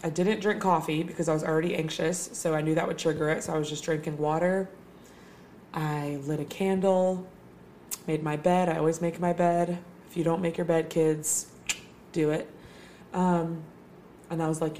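A woman's voice: deep voice, fairly even intonation, moderate pace, a little mellow, a little hiss or hum. A young woman hosting a casual solo talk, chatty and swearing freely, with lots of filler words.

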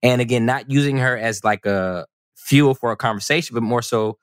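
A man co-hosting a casual podcast, talking in an animated, rambling way with many restarts and fillers. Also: mid-range voice, moderate pace, clean tone, no echo, studio quality. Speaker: podcast co-host.

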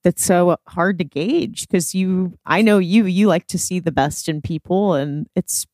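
A woman's voice: on the low side, unhurried, darkish tone, no room sound, studio quality. A woman co-hosting a podcast, talking reflectively and laughing along. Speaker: podcast co-host. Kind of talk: casual chat.

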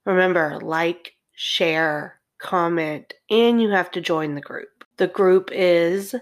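A woman's voice: on the low side, slow pace. A young woman hosting a podcast, chatting casually, blunt and laughing often, swearing freely. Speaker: podcast host. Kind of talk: casual chat.

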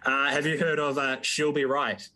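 A man's voice: medium pitch, little pitch movement, moderate pace, bright, forceful tone. A man hosting a sports radio show, chatting casually and teasing his guests in a jokey way. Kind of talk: casual radio chat and interviewing.

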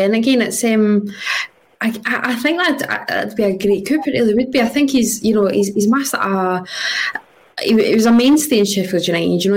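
A woman on a football podcast panel, speaking hesitantly with frequent restarts. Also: medium pitch. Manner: hesitant, many fillers and restarts. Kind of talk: casual football podcast chat.

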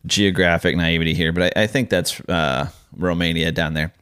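This man co-hosts a podcast, chatting casually and rambling with lots of fillers and restarts. He has a low, clear, resonant voice with fairly even intonation, a moderate pace and a fairly bright tone. The studio-quality recording has no room sound.

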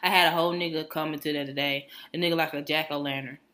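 A woman's voice: low-pitched, quick pace. A woman telling a rambling, profane story on a casual chat show, acting out the people in it. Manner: animated, profane, mimics people in her stories. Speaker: podcast co-host.

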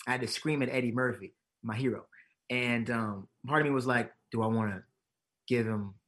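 A man with a medium-pitched voice talks at a normal speed in a casual interview, where he's featured as an actor and comedian. He tells stories animatedly, acting out quotes and laughing often.

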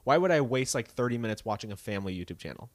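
A man's voice: mid-range voice, animated, very fast, no room sound. A young man co-hosting a podcast, chatting animatedly about celebrity gossip and mimicking people in put-on voices. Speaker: podcast co-host. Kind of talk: casual gossip chat.

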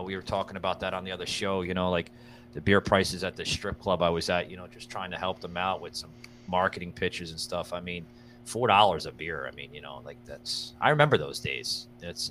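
A man's voice: low-pitched, fairly quick, fairly bright tone, slight background noise. A man co-hosting a casual podcast, rambling with many restarts and fillers, a little out of breath. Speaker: podcast co-host.

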